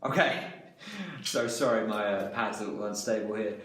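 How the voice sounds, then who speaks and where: A man's voice: lowish voice, steady tone, normal speed, a bit bright. Male drum instructor, calls out sticking step by step, recorded far off in a roomy space. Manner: talks through drum patterns, counting hands aloud. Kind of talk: instructional lesson. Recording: echoey room, mic far off.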